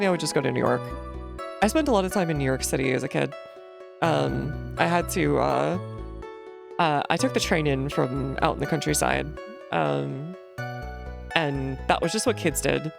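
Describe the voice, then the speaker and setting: Brief: low, gravelly-voiced woman streamer from New Jersey, chatty and rambling over game music. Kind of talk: casual gaming commentary.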